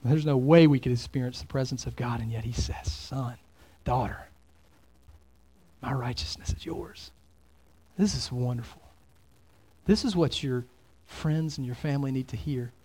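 A man preaching a sermon as pastor, swinging between loud exclamations and hushed, near-whispered lines. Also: medium pitch, normal speed.

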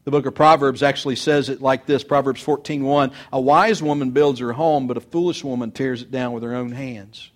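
A middle-aged pastor preaching a sermon, earnest, swinging between loud urging and soft confiding. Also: male voice, medium pitch, fairly even intonation, fairly quick, few pauses.

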